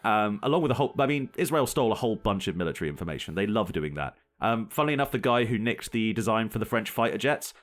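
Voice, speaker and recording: A man's voice: on the low side, lively intonation, quick pace, few pauses, a bit bright. A young man co-hosting a casual podcast, talking through a story and often breaking into laughter. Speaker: podcast co-host.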